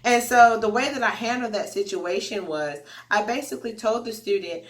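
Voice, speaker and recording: A woman tells stories from her online teaching in a casual, animated vlog voice. She chats straight to her viewers as if they were friends. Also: a little high, moderate pace, few pauses. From United States. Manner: animated, chatty, addresses viewers directly.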